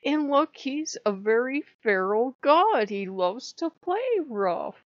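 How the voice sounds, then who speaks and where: A woman's voice: a little high, slow pace, dry recording. Chatty woman spiritual vlogger, dry dull sound. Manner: chatty, animated, laughs often. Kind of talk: casual chat to camera.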